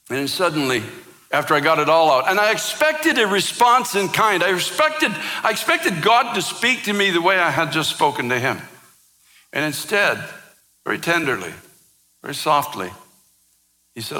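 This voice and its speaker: A man's voice: on the high side, lively intonation, normal speed, pushed and bright, long reverb tail. A man preaching a sermon as pastor, telling a personal story with impassioned, rising intensity.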